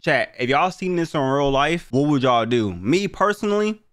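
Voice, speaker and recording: A young male streamer reacts out loud to a clip, joking, swearing and calling out to his chat. His voice sits high and jumps all over the place. A faint hiss runs underneath. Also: animated, moderate pace. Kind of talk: casual reaction commentary.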